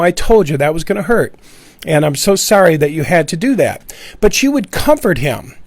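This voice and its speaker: A man's voice: sits high, no echo. A middle-aged man giving an earnest, impassioned monologue, often repeating himself. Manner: earnest, repetitive, acts out quoted voices. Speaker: ex-Jehovah's Witness speaking out.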